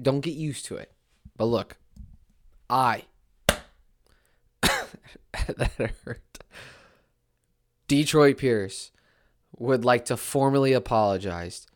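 A woman hosting a solo sports podcast, talking in an excitable, emphatic rant that keeps repeating its key phrases. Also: extremely low pitch.

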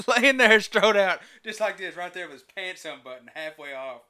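A man's voice: high-pitched, animated, unhurried, sharp tone, no echo, clean studio sound. A man co-hosting a podcast in casual chat, laughing and chiming in with details of shared stories. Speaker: podcast co-host.

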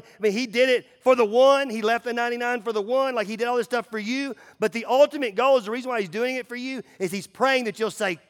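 A man preaching a sermon as pastor, talking casually with fillers and swinging between loud, emphatic runs and hushed, low drops. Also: fast talker, few pauses, in a large hall.

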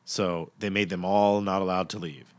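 A man's voice: low voice, steady tone, normal speed, slight background noise. A man giving a loose, profane recap of a TV series, acting out the characters' lines as he goes. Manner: loose, profane storytelling with acted-out quotes.

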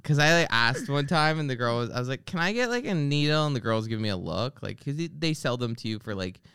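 Quick-paced and mid-range, the host's voice is clear and resonant, recorded in the studio with no room sound. He chats casually on his podcast, telling ranting comic stories and swearing freely. Animated throughout, he mimics the people in his anecdotes.

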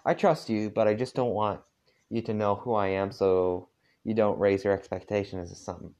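A man's voice: lowish voice, fairly even intonation, normal speed, darkish tone, close to an everyday voice. A man voicing an aloof, sarcastic young man in a heavy put-on southern drawl. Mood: defensive.

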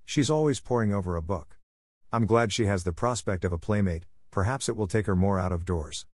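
A man's voice: lowish voice, fairly quick, darkish tone, no room sound, studio quality, close to an everyday voice. A man voicing a strict, resolute mother with formal politeness, in a storybook reading. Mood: complaining. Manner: raised, formal cordiality.

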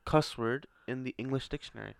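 A man's voice: medium pitch, a little fast, vocal fry, dry recording, clean studio sound. Teasing man chatting on a podcast. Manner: teasing, laughs often. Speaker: podcast co-host. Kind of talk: casual chat.

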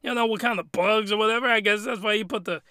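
A man's voice: high voice, racing, bright, forceful tone, clean tone, dry recording, clean studio sound. A man giving a crude, rambling and exasperated comedic recap of an anime. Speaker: anime reviewer.

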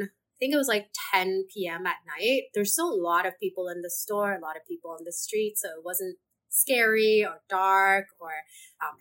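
A young woman from Hong Kong, a podcast guest telling a story in a lively, casual way and laughing often. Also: medium pitch. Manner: animated, laughs often, acts out her own thoughts.

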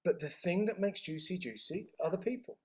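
A man's voice: high-pitched, brisk, a little hiss or hum. A man being interviewed, telling stories energetically with lots of restarts and laughs. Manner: energetic, animated storytelling with frequent restarts. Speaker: guest, health author and retreat owner. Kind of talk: casual interview chat.

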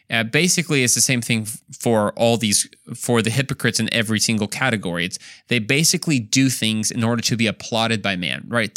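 A man's voice: mid-range voice, a bit bright, no room sound, studio quality. A man hosting a Bible lesson podcast, earnest and emphatic, rising on key points and sometimes poking fun at himself. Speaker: Bible study podcast host.

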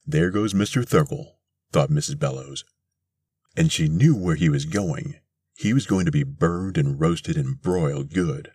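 A man hosting a podcast, reading a short story aloud in a measured, deliberate way from a mobile studio. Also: a bass voice, darkish tone, slightly rough, no room sound. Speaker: podcast host and reader. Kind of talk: scripted narration of a short story. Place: mobile studio in a converted school bus.

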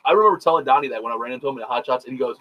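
A man talking fast and loose on a casual podcast, swearing freely as he spins a long anecdote. He acts out what everyone said, one line after another, at a mid-range pitch. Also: dull audio. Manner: rapid, profane storytelling full of quoted dialogue. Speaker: podcast host. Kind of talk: casual chat.

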